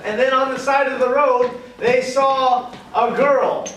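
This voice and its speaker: Improvising a comic story on stage, a man rambles, corrects himself, and laughs at his own tale. His very high voice is fairly even, unhurried, and fairly bright. The live recording is distant and very echoey, with slight background noise.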